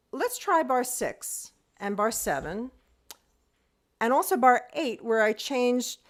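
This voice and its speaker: A patient woman teaching over a video call. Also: fairly high pitch. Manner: patient step-by-step instruction, counting beats aloud; sings rhythm syllables to demonstrate. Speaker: music teacher. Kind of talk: online group music lesson.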